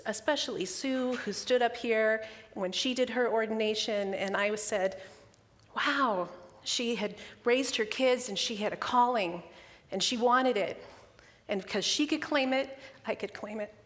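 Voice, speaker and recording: Emotional woman minister in a reverberant hall. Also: a little high. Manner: emotional, candid, close to tears. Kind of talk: personal sermon. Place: church sanctuary.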